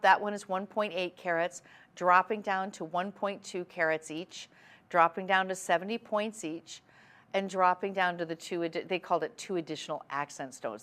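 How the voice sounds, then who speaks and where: A woman hosting a TV shopping show, giving a chatty, enthusiastic sales pitch. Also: fairly bright tone, smooth. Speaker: TV shopping host.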